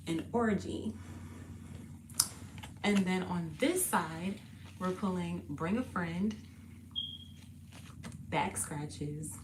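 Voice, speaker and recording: A woman hosts a casual tarot reading, talking in loose, slangy chat and laughing often. Her voice sits a little low and sounds a bit parched and husky. A faint hiss of background noise runs under her. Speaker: tarot reader and channel host. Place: indoors, sitting on the floor.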